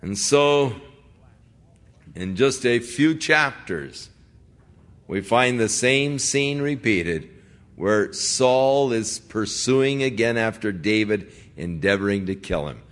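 A man's voice: lowish voice, lively intonation, takes it slowly, a bit bright. A middle-aged man preaching a sermon in a conversational way, reading scripture and acting out the voices of the people he quotes. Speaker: pastor.

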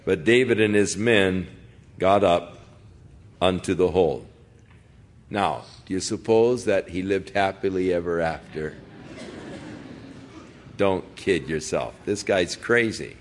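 A middle-aged male pastor who talks in an easy, conversational way. His unhurried delivery gives each point room. He slips into the voices of the people he describes to make his point. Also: deep voice, a little hiss or hum. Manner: conversational preaching, acting out quoted voices. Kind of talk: sermon.

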